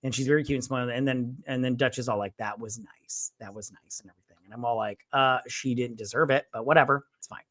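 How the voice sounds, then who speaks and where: A man co-hosting a movie review podcast, retelling scenes in an animated way, jumping into character voices and swearing freely. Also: medium pitch, fast talker, no echo. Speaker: podcast co-host. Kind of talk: casual movie review chat.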